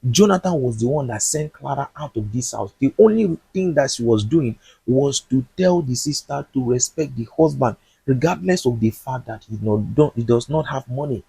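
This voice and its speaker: Husky man recapping a film. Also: medium pitch, lively intonation, normal speed, warm tone, dry recording, poor audio. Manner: chatty, sympathetic, uses fillers. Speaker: movie recap presenter. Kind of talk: movie recap commentary.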